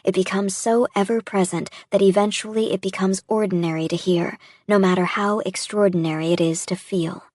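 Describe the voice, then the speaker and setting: A woman giving a reflective, measured first-person audiobook narration. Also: medium pitch, steady tone, darkish tone, no room sound, studio quality.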